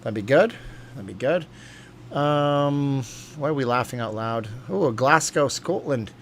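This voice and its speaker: Hosting a livestream from home, an American man speaks casually into a desk mic and reads viewers' comments aloud. He rambles unhurriedly at a middle pitch, filling his speech with lots of ums and uhs, while a faint hum sits behind him.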